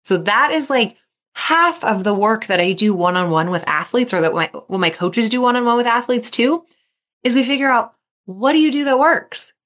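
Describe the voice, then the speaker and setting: A woman's voice: fairly high pitch, moderate pace. A middle-aged woman, a mental performance coach, hosting a solo podcast and telling stories while acting out athletes' worried thoughts. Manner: lively storytelling, acting out athletes' inner voices.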